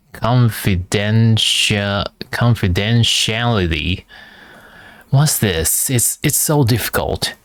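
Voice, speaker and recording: Man, low voice, very slow, halting reading practice, repeats words, dry close sound. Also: fairly bright tone, no echo. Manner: frequent filler hesitations. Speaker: language learner reading aloud. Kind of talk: reading practice with pronunciation drills.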